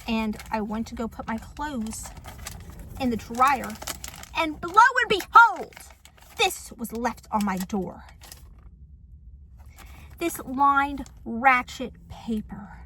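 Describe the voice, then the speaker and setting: A woman's voice: a little high, slow, long pauses, pushed and bright, slight background noise. A young woman telling a story on her couch in a sassy, dramatic, mocking vlog style. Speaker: vlogger. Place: apartment living room.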